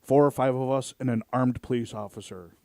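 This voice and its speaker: A man's voice: medium pitch, moderate pace, vocal fry, warm tone, no room sound, clean studio sound. A man hosting a casual podcast, telling stories in a rambling way full of fillers and swearing. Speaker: podcast host. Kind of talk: casual storytelling chat.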